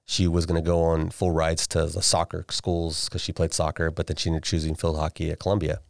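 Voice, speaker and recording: A man's voice: very deep voice, completely flat delivery, fairly quick, gravelly, no echo, clean studio sound. A middle-aged man in his forties, a podcast guest, telling a family story in casual chat, restarting and repeating words as he goes.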